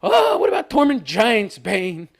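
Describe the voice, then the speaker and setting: A middle-aged knight flirting in a gravelly, exaggerated tease, as a man puts him on. The pitch bounces around playfully. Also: huge pitch swings, unhurried, heavily acted. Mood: teasing. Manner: teasing, exaggerated.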